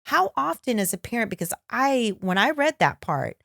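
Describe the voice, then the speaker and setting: A woman's voice: a little high, big pitch swings, normal speed, vocal fry, a bit bright, no echo, studio quality. A middle-aged woman co-hosting a podcast, chatting and acting out quoted voices. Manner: conversational, acts out quoted voices. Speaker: podcast co-host. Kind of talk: casual chat.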